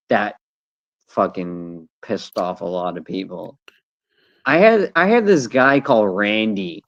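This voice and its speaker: A man's voice: deep voice, lively intonation, takes it slowly, a bit bright, no room sound, dull audio. A man talking casually on a streaming panel, rambling and swearing as he tells stories. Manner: rambling, profane, trails off. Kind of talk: casual chat.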